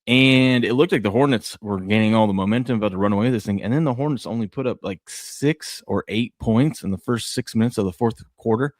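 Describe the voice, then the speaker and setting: A man with a lowish voice rambles through game recaps and family stories on a morning sports podcast. His delivery is excitable and loose, with lots of fillers. The sound is dry and close. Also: fairly quick, hardly any pauses, no echo. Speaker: podcast co-host. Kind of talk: casual sports chat.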